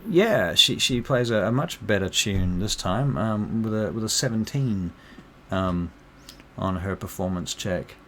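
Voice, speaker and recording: A man's voice: fairly low pitch, a little slow, fairly bright tone, slight background noise. A man running a tabletop game as game master, narrating with lots of hesitations and ums. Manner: hesitant, full of ums, chatty.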